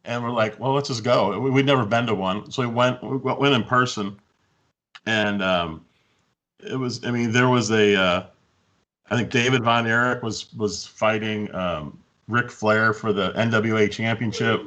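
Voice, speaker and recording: A man guesting on a gaming podcast, with a somewhat low voice. He talks in a relaxed, rambling way, restarting his sentences as he tells a story. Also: normal speed. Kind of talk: casual storytelling.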